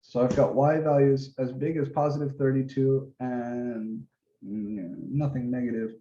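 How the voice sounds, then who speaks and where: A man's voice: mid-range voice, fairly even intonation, a little slow, mellow. A male math instructor in a casual office-hour lesson, talking through each step as he works, with an occasional mild swear. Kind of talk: office-hour lesson, thinking aloud while drawing. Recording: roomy, dull lo-fi recording.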